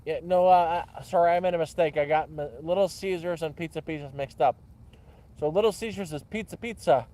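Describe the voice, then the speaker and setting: Outdoors by a campfire, a Canadian vlogger rambles in casual, repetitive chat, restarting sentences and swearing. His voice is fairly high, brisk and mellow.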